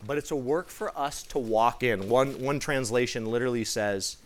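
A man giving a sermon to a live gathering, telling a personal story in an excitable, animated way. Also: medium pitch, moderate pace. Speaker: preacher.

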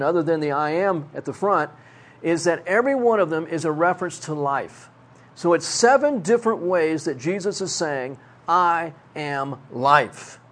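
Folksy older man with a high voice, preaching. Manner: folksy, self-mocking, with prop demonstrations. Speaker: pastor. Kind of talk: sermon.

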